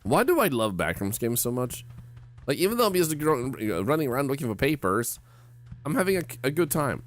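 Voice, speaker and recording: A man's voice: mid-range voice, very animated, a little fast, faint music behind. A man streaming a horror game, chatting casually with viewers, rambling and stammering with self-mocking jokes. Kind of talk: casual livestream commentary while playing.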